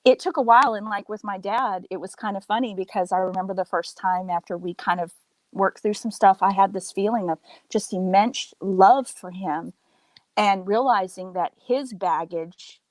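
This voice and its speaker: A woman's voice: mid-range voice, moderate pace, no echo, low-quality recording. A middle-aged woman in casual chat, telling a story animatedly and acting out the voices of others. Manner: animated storyteller, acts out quoted voices, laughs often.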